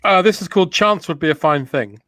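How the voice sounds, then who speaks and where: A male host with a slightly high voice, recorded close and dry. He reads film pitches aloud in a straight-faced way for his comic guests. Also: lively intonation, fairly quick, pushed and bright, no room sound. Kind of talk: comedy chat, reading pitches.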